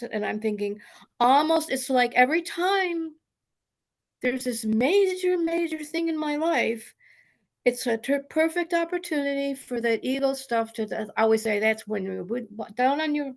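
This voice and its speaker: Speaking over a video call, a study group participant shares something personal in a high, creaky voice. Her telling is sincere but meandering, full of false starts.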